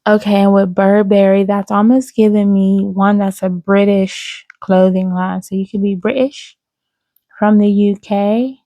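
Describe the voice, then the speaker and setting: A woman giving an intuitive spiritual reading to her viewers, speaking slowly and soothingly with frequent "okay?" check-ins. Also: mid-range voice, steady tone, warm tone, no room sound. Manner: slow, drawn-out, soothing, with many "okay?" asides. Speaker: psychic reader.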